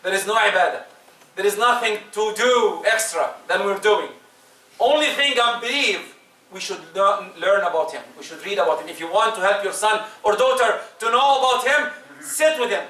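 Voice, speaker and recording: A man preaching a Friday sermon, emphatic, with his voice swinging between loud rises and soft drops. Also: sits high. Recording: echoey room, distant mic.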